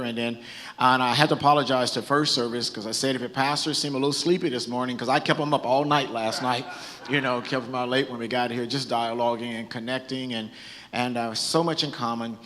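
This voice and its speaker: A man's voice: mid-range voice, steady tone, a little fast, fairly bright tone. A bishop from Southern California preaching from a church stage, earnest and conversational, often restarting his sentences. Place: church hall. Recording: hall with long reverb.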